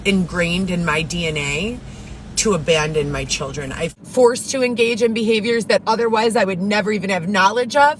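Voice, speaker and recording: A woman's voice: mid-range voice, moderate pace. A woman vlogging in a rambling monologue, blunt and profane, piling up complaints.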